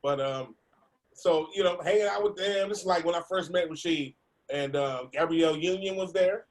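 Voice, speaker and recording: A man, a comedian, telling an animated story over a video call, laughing and acting out the voices of other people. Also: fairly high pitch, moderate pace. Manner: laughing, acts out voices in his stories. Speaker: comedian guest.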